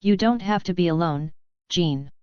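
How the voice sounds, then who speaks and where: A woman voicing a tense, hurt young man, a team leader who speaks slowly and deliberately. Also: on the low side, mellow, clean tone, no echo, natural voice. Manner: slow, deliberate. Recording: dull, dry sound.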